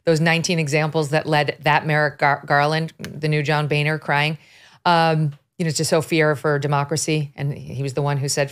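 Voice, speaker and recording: A woman's voice: deep voice, little pitch movement, moderate pace, clear, resonant tone. A middle-aged woman hosting a political talk podcast, sarcastic and mocking as she talks through the news. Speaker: podcast host.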